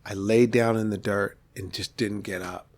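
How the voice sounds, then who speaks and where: A middle-aged man from Los Angeles, a podcast guest, tells a candid story from his past in an animated way, rising sharply and then dropping off softly. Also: on the low side, moderate pace. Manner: vivid, animated retelling with sudden rises and soft drop-offs.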